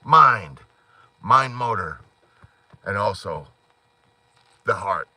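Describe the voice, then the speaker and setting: A man hosting an unscripted live stream from inside his parked car at night, rambling and animated, slipping into quoted voices. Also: lowish voice, drawn-out words, husky, no echo. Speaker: live-stream host of a divorced dads channel.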